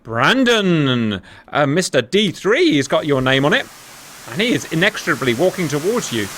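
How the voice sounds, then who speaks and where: A man hosting and commentating a simulated air battle, talking straight to viewers, joking and cheering loudly as it unfolds. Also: on the high side, moderate pace, background noise. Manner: animated, jokey, talks to viewers, cheers loudly. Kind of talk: excited gaming commentary.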